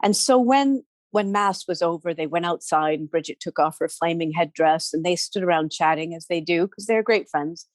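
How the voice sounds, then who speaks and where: Woman storyteller, lively telling, dry close mic. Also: lowish voice, normal speed, hardly any pauses, dry recording. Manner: animated, with sound effects and asides to listeners. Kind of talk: oral folk storytelling.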